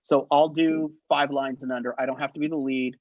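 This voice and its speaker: A man telling show-business stories as an interview guest, in a lively way, acting out the voices he quotes. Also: medium pitch, a little fast, dry recording. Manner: animated anecdotes, acts out quoted voices, laughs often. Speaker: guest, actor and effects artist. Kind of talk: casual storytelling interview. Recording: dull, lo-fi sound.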